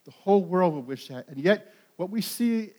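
A pastor preaching a sermon, animated and emphatic. He rises to loud peaks and often repeats and restarts words. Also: high-pitched, moderate pace.

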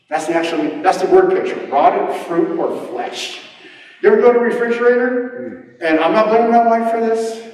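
A man preaching a casual, animated sermon to his church, acting out quotes in sudden voice jumps and poking fun at himself. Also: on the high side. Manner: animated, self-deprecating, acts out quotes with voice jumps. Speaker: pastor. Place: church hall. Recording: roomy hall, mic at a distance.

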